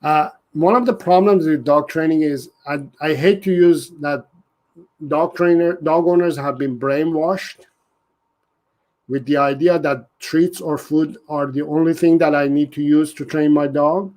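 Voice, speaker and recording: Slow-talking man. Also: fairly high pitch, fairly even intonation, a little mellow. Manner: earnest, repeats and restarts, reads out viewer comments. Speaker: dog trainer hosting a live Q&A. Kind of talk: casual live-stream Q&A.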